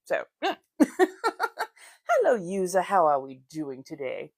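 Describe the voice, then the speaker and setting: While doing her makeup on a relaxed livestream, an American woman chats, greets viewers by name with warmth and laughs often. Her lowish voice swings hugely in pitch and moves a little slowly, recorded at studio quality with no room sound.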